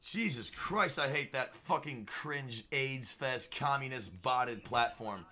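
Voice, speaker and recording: A young man streaming a game, trash-talking and yelling in casual banter. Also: medium pitch, animated, slow. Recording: noisy game voice chat.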